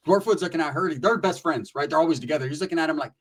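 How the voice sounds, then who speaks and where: A man telling a rough personal story in casual, profane street slang, animated and conversational. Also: a little high, very fast.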